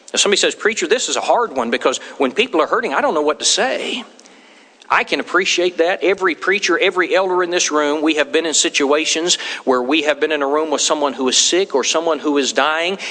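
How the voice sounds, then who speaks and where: Folksy preacher in an echoing church. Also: male voice, on the high side, bright, forceful tone. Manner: folksy storytelling with acted quotes. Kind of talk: sermon. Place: church sanctuary. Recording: long hall reverb.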